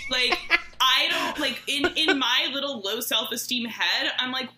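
A woman's voice: high-pitched, moderate pace, pushed and bright, echoey room, a little hiss or hum, poor audio. A woman in her thirties telling a story in casual chat, with lots of "like" and laughing through it.

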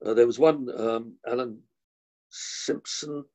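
An older actor from Kilburn in London, telling anecdotes in an interview with animated, acted-out asides. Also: male voice, medium pitch, takes it slowly. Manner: animated, acts out the people in his anecdotes. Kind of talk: anecdotal storytelling.

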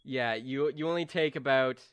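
A man narrates a tabletop game as game master, relaxed and playful. His voice is bright and clear, recorded dry and close with no room sound. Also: mid-range voice, normal speed, no room sound.

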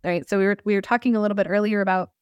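A woman's voice: mid-range voice, steady tone, rapid-fire, darkish tone, smooth, no room sound, lo-fi sound. A woman in her thirties, a somatic practitioner and podcast guest, talking in a reflective way with frequent laughs and restarts. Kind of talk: casual podcast conversation.

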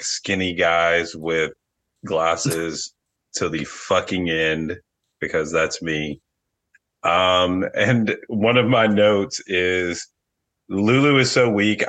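A man's voice: low-pitched, a bit bright. A man co-hosting a casual podcast recap, joking and swearing freely. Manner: profane and joking. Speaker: podcast co-host.

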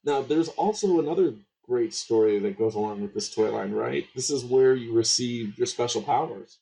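A man's voice: mid-range voice, normal speed, vocal fry, mellow, low-quality recording. A male host interviewing a guest, asking encouraging, playful questions.

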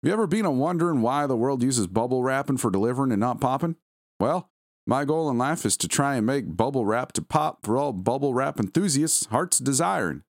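A man's voice: mid-range voice, expressive, a little fast, no echo, clean studio sound, pitched above the performer's own voice. A man doing a hokey folksy salesman. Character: odd folksy man behind a strange website.

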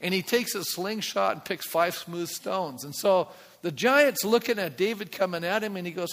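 A male pastor preaches in a high, bright voice, telling a story and acting out its characters. He builds to loud, emphatic peaks. The sound carries a long reverb, as in a church hall. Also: normal speed, hardly any pauses. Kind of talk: sermon.

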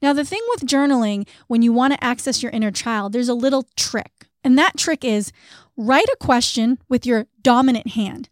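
Woman podcast host, chatty and candid, kinda high voice, dry mic. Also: normal speed, dry recording. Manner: candid and chatty, laughs at herself. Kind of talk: casual self-help podcast talk.

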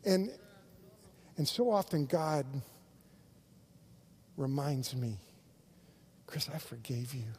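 A man's voice: high voice, darkish tone, husky. A male pastor preaching a sermon, earnest, with frequent restarts and sudden swells of intensity.

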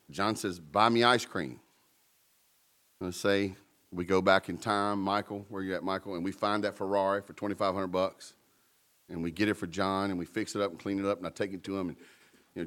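A man's voice: low voice, a bit bright. A man preaching a sermon in a conversational way, with playful asides and emphatic peaks. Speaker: pastor.

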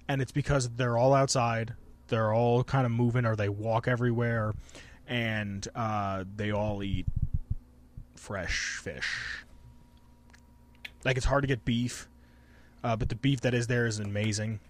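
A man's voice: medium pitch, fairly even intonation, a little slow, pauses often. A man hosting a podcast in casual chat, rambling and swearing freely. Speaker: podcast host.

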